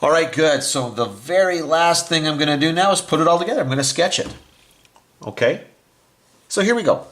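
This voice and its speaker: A man's voice: a little high, lively intonation, a little fast, fairly bright tone. A man teaching a recorded math lesson, explaining each step as he writes and often stopping to correct himself. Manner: explains step by step while writing on a board.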